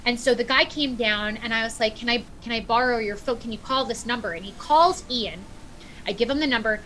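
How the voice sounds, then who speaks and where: A middle-aged woman on a podcast, telling a personal story in animated, casual chat and acting out what people said. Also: fairly high pitch, brisk, slight background noise, rough recording. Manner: animated storyteller, acts out quotes. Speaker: podcast guest.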